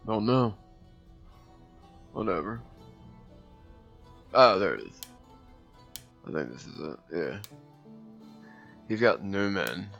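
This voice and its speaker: A man's voice: sits low, vocal fry, fairly bright tone, highs cut off. A man casually commenting on a strategy game as he plays, thinking aloud and reading game text, with hiccups now and then. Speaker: gameplay commentator. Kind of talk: casual let's-play commentary.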